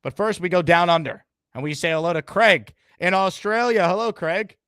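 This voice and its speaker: A man's voice: sits high, normal speed, fairly bright tone, smooth, no room sound, clean studio sound. A man hosting a live sports fan stream, greeting callers and talking straight to his viewers. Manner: upbeat, addressing viewers and callers. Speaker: host.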